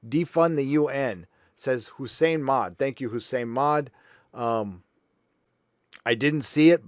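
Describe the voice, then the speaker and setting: A mid-pitched man reads viewer messages on a live stream in a chatty, joking manner. His voice sits close and dry on the mic with no room around it. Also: dry recording. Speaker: livestream host. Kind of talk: reading viewer super chats.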